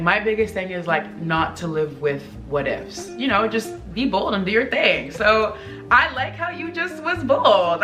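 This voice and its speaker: Chatty woman vlogger in an echoey room. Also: sharp tone. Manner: chatty, peppered with "like", big swoops up in pitch. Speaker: vlogger reading viewer confessions. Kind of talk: casual chat.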